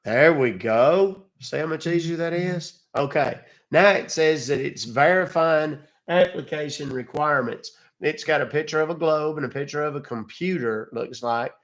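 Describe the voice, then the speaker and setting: A man's voice: on the high side, moderate pace, few pauses, fairly bright tone. An older man on a live call, stalling a scammer in a folksy, exasperated way. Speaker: scam-baiting streamer.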